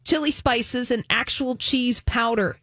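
A woman co-hosting a radio show in casual chat, chatty and expressive. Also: on the high side, measured pace, dry recording, clean studio sound. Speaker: radio co-host.

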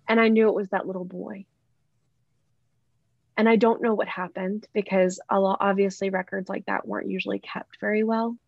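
A woman with a creaky, medium-pitched voice is a podcast guest telling a personal story. She rambles in an earnest, heartfelt way, often restarting and correcting herself. The sound is dull, slightly lo-fi and dry, with no room sound.

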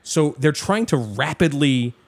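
A young man telling a story in casual chat, animated and swearing often, acting out other people's lines. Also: on the high side, unhurried.

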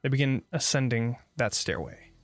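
A man narrating as the game master of a tabletop game, relaxed, with halting fillers. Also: medium pitch, no room sound, faint music behind.

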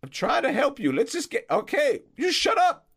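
A man voicing a furious, foul-mouthed old male groundskeeper who shouts and swears in a high, strained voice. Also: wildly swooping pitch, normal speed, creaky, exaggerated voice. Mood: exasperated.

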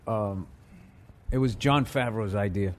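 A man's voice: lowish voice, unhurried. A middle-aged man with a Boston accent, a guest comedian chatting on a podcast, rambling through stories and swearing freely. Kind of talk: casual podcast chat.

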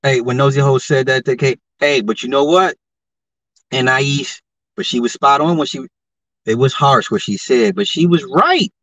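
A man hosting a podcast, giving confrontational social commentary and firing off rhetorical questions, his voice jumping high when he gets heated. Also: moderate pace, fairly bright tone, no echo. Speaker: podcast host. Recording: dull lo-fi podcast mic, dry.

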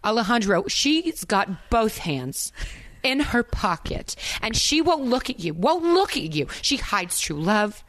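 A woman's voice: a little high, very animated, measured pace, a bit bright, no room sound, voice pushed up. Woman doing a campy Italian American Jersey heroine, put-on accent, wildly dramatic delivery, very dry sound. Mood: melodramatic. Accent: Italian American New Jersey (put on). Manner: over-the-top dramatic recitation, swooping between whispers and cries. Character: melodramatic Italian American woman pleading with her lover. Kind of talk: improvised dramatic reading.

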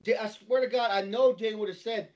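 A man's voice: high-pitched, fairly even intonation, a little fast, darkish tone. A man telling a long story in casual chat, rambling, with frequent restarts and repeated words. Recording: dull lo-fi recording.

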